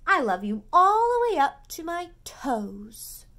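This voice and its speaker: Brief: excited little boy hare, high and loud, lively rises, as a woman reads him. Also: slow, full character voice. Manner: excited, boastful. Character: small eager young male hare.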